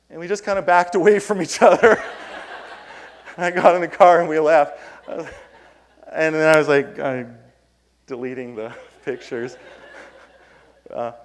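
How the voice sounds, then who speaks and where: A keynote speaker with a fairly high-pitched voice takes his time, leaving long pauses as he addresses a conference hall audience. He tells a story, raising his voice to act out his own lines.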